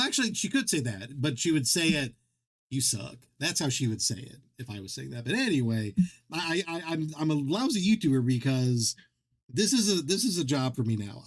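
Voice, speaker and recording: Male streamer host; rambling, jokey, self-mocking casual chat. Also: medium pitch. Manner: rambling, self-deprecating, joking, many restarts.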